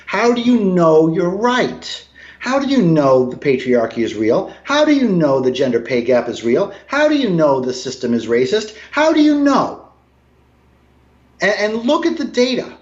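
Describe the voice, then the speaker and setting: A man talks with strong emphasis, his lively voice swooping from low grumbles to high, exasperated peaks. The sound is roomy and dull, as if in a bare apartment over a lo-fi line. He swears now and then and leans hard on his points. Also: moderate pace. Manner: emphatic, swings between low mutters and raised outbursts, swears. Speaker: guest. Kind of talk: casual video call conversation.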